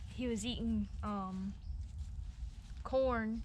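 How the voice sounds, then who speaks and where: A shy thirteen-year-old girl tells her story hesitantly, full of ums and likes. Her pitch is ordinary for her age, and a faint background hiss runs under her voice. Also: steady tone, very slow, a little mellow. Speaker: interviewee. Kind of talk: casual storytelling.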